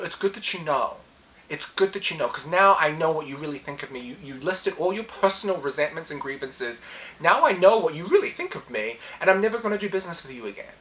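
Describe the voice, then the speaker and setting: Animated woman telling a personal story. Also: on the low side, moderate pace, rough recording. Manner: animated storytelling, acting out her own past lines; reflective, self-coaching tone. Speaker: podcast host. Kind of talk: casual solo podcast monologue.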